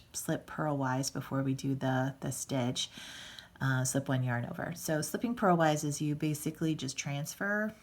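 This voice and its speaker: A woman teaching a casual hands-on knitting tutorial, patient and chatty, with fillers and restarts as she explains each step. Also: deep voice. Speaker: knitting instructor.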